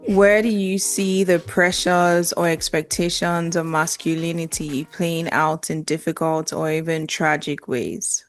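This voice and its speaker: A woman hosting a podcast, asking measured, thoughtful questions. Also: sits low, fairly even intonation, faint music behind. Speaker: podcast host. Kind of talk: interview questions.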